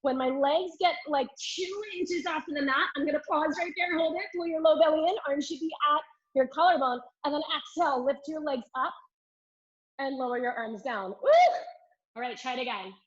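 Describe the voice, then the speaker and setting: A woman's voice: high voice, fairly quick, highs cut off. A woman teaching a live Pilates mat class, giving upbeat, encouraging cues and counting reps while a little out of breath from demonstrating. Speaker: Pilates instructor. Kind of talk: live online fitness class cueing.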